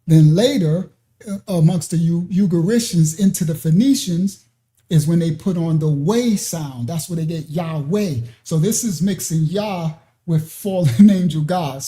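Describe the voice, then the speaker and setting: Slow, very dark-voiced ministry teacher. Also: mid-range voice. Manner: explains slowly, checks in with "right?" and "okay?"; digressive, with many fillers and restarts. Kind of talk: informal scripture teaching.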